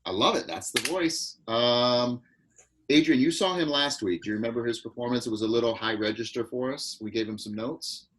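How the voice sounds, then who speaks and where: A man acting coach leading a live online class, giving quick, directive notes over a video call. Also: medium pitch, fairly bright tone, poor audio.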